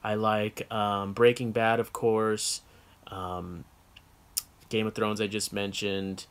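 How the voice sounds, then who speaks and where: A man's voice: on the low side, flat delivery, takes it slowly, clear, resonant tone. A man from the United States co-hosting a casual chat show, answering viewer questions in a frank, rambling way with many fillers and self-corrections.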